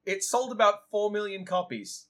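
Podcast co-host, wry, lively pitch, husky tone, casual chat. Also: normal speed. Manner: wry, animated storyteller. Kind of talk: casual chat, presenting facts.

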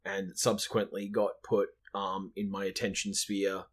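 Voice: sits low, level tone, moderate pace. A podcast co-host in a casual movie review chat, hesitant with many fillers and restarts, making dry remarks.

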